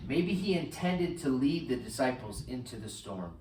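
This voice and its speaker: A man preaching a sermon as pastor, animated, swinging between loud bursts and hushed lines. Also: mid-range voice, normal speed, echoey room, recorded from a distance, slight background noise, rough recording. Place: church sanctuary.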